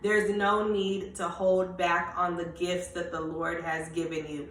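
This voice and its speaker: A woman's voice: fairly low pitch, flat delivery, measured pace, roomy sound, distant mic, poor audio. A woman giving a Christian encouragement talk for her channel, who repeats her key phrases and proclaims them over and over. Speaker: Christian vlogger. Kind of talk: faith encouragement vlog.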